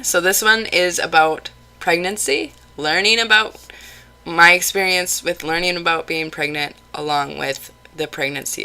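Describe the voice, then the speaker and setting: A woman's voice: sits low, bright, forceful tone. A young woman telling a personal story in a vlog, candid and exasperated, slipping into ranting. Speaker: vlogger.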